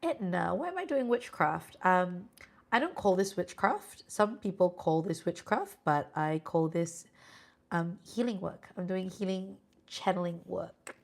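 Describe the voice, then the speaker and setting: Chatting casually with her live-stream viewers, a Singaporean tarot reader speaks in a gravelly, low voice that's animated and measured. She's reassuring and says "lah" now and then, though she's sleepy and yawning.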